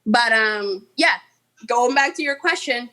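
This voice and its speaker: Chatty, animated woman with a raised pitch. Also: unhurried. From Colombia. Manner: animated and chatty, full of "like" and "you know"; playful, mocking asides. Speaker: musician guest. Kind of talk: casual interview.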